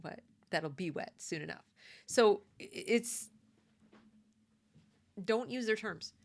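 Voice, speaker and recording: A woman's voice: medium pitch, takes it slowly. Emphatic woman giving opinion commentary. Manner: emphatic, conversational, repeats points.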